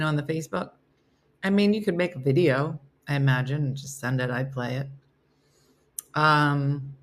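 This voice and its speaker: A woman talks to her live viewers in a playful, chatty way. Her voice sits low, yet its tone is bright and keen. She teases, jokes and rambles like a morning-show host. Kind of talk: casual live-stream chat.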